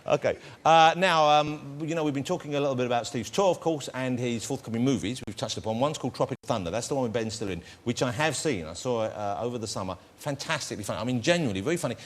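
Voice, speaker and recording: A man hosting a TV chat show, interviewing a guest with quick, jokey banter. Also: medium pitch. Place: TV studio with audience. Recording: TV studio with loud audience.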